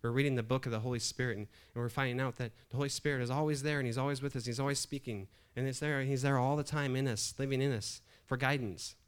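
A man's voice: medium pitch, fairly even intonation, fast, hardly any pauses, clear, resonant tone. A middle-aged man preaching a sermon in a conversational way, often restarting phrases and building emphasis. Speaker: pastor.

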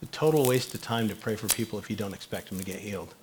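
A man's voice: lowish voice, very fast. A man leading a congregation in prayer, directing people and calling out encouragement. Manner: direct, encouraging, calls out to the room. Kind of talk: leading a church prayer time. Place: church service before a congregation.

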